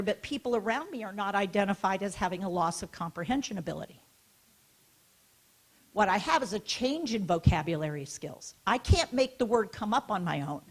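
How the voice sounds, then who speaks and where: A medium-pitched woman leads an interactive conference keynote from a hall stage, a small mic clipped near her neck. She's animated and directive, asking the audience questions and using hand gestures to guide them.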